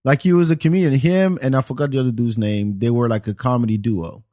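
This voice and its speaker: A man's voice: mid-range voice, fast talker. French-accented man chatting casually. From France. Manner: animated, swears freely, restarts often. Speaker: podcast host. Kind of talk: casual chat.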